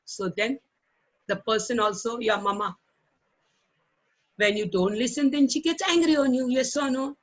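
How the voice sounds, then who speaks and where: A middle-aged woman with an Indian English accent teaching children in an online class. She talks slowly and patiently, repeating words for the children to copy and often checking in with a coaxing "okay?". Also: a little high, steady tone, lo-fi sound. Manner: ends phrases with coaxing "okay?". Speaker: primary school English teacher. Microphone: online call microphone.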